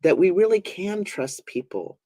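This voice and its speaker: A man with a mid-pitched voice talks earnestly to his guest and to viewers. The sound is dry and close, with no room echo. He reflects aloud and now and then jumps up in pitch to act out a quote. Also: big pitch swings, a little slow, warm tone. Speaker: minister and talk show host. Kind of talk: reflective conversational talk.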